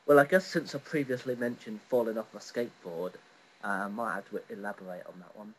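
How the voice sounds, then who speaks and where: A man's voice: lowish voice, a little fast, husky, low-quality recording. A young man chatting casually at home, crude and teasing, telling a story with jokes. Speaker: vlogger. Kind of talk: casual chat. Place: front room at home.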